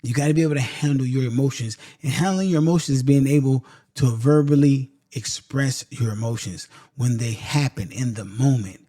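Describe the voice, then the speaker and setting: Mellow-voiced man giving an emphatic pep talk. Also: medium pitch, brisk, hardly any pauses, no echo, studio quality. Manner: emphatic, repeats points for stress; casual, addresses listeners directly as y'all. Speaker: podcast host. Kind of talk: motivational talk to listeners.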